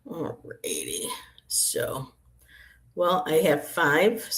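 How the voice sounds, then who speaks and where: Low-voiced chatty woman reader. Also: big pitch swings, extremely slow. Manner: chatty, rambling, laughs often, greets viewers by name. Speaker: tarot reader and livestream host. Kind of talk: casual livestream chat with viewers. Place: apartment room.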